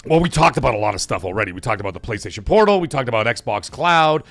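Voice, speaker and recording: Male streamer host, animated, dry close mic, faint music behind, rambling casual chat. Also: mid-range voice, fast talker, gravelly, no room sound. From Italian-American background. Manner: chatty, rambling, laughing often. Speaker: livestream host.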